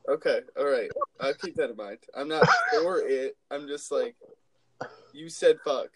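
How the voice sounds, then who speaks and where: A man's voice: mid-range voice, moderate pace, low-quality recording. A man co-hosting a casual podcast, trading sarcastic, profane jokes and stories about his daughter. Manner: joking, sarcastic banter with profanity. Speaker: podcast co-host; father.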